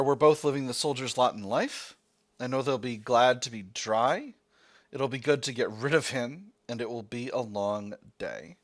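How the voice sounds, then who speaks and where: A man reading a text adventure game aloud as its player, breaking off into rambling, self-correcting asides. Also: mid-range voice.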